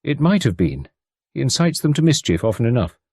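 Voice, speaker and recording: Guy putting on a worried rich mom, pleading, lively up and down. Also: medium pitch, brisk, husky, no room sound, clean studio sound. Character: anxious upper-class English mother, earnest. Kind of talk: audiobook character reading.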